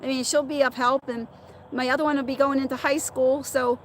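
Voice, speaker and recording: A woman's voice: sits high, flat delivery, a little fast, a little hiss or hum. A middle-aged woman hosting a casual livestream, chatting and laughing as she answers commenters by name. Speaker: livestream host reading viewer chat.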